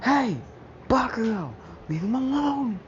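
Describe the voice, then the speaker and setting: A woman's voice: a little high, slow, voice pushed up. A woman voicing a brave teenage boy hero who steps in to defend others, with heated retorts. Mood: angry. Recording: muffled lo-fi mic, steady background noise.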